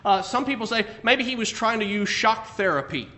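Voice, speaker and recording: A man preaching a sermon, emphatic, swinging between loud declarations and quiet asides. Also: lively intonation, fairly quick. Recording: echoey room with faint rumble.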